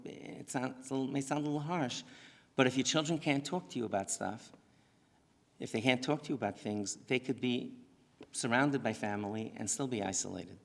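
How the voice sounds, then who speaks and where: A rabbi giving an earnest lecture to parents in a synagogue, often restarting and correcting himself mid-sentence. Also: male voice, medium pitch, gravelly. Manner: earnest, talks in restarts and asides. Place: synagogue hall. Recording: long hall reverb.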